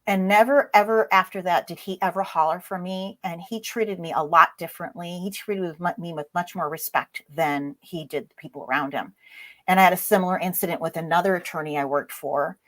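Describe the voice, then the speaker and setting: A woman as an interview guest, telling a story in a lively way and acting out the voices in it. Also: fairly low pitch, a little fast. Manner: lively, acts out voices in her stories.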